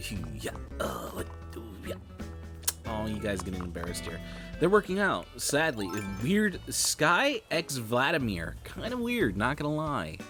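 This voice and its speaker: A young man streaming a game, rambling in casual commentary and swearing freely. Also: lowish voice. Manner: rambling, swears freely, laughs at his own jokes. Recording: game music playing behind.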